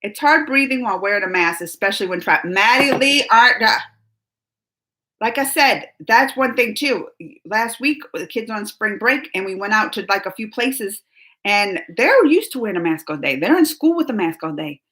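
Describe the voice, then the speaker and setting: A woman's voice: medium pitch, lively intonation, normal speed, bright, forceful tone. A woman hosting a casual live-stream chat from home, chipper and chatty, reading viewer names aloud. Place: at home, just out of bed.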